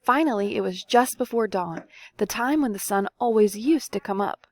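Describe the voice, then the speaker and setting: Expressive woman teacher reading aloud. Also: mid-range voice, moderate pace, dry recording. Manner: expressive, asks listeners questions. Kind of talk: read-aloud storytelling lesson.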